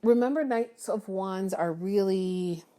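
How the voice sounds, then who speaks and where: A woman's voice: mid-range voice, takes it slowly, warm tone. A woman giving a casual, encouraging tarot reading, chatty with many ums and restarts. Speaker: tarot reader.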